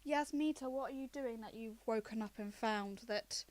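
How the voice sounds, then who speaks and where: A woman running a tabletop game as game master, recapping the story in a relaxed, chatty way. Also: a little high, moderate pace, a little hiss or hum.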